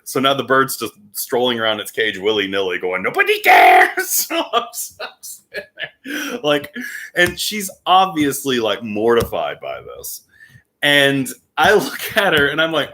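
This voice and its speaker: Male vlogger with a lively, bright voice for a casual story to camera. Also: mid-range voice. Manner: animated, with frequent fillers.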